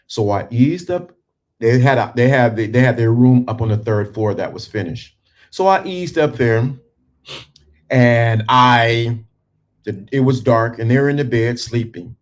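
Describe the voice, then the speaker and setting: Male motivational speaker, mid-pitched, emphatic, with quiet calm stretches. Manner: emphatic, swings from punchy to hushed and calm. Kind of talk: motivational talk to men.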